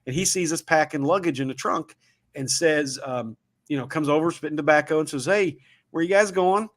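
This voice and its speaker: A man's voice: a little high, steady tone, brisk, fairly bright tone. A man with a Southern Ohio accent, hosting a casual livestream talk and telling rambling, folksy stories. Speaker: show host.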